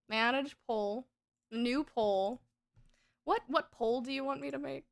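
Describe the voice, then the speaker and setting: A woman's voice: sits high, measured pace, a bit bright. A young woman livestreaming a game, chatting casually with her chat, giggling often, swearing freely and reading game text aloud. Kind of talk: casual gaming stream chat.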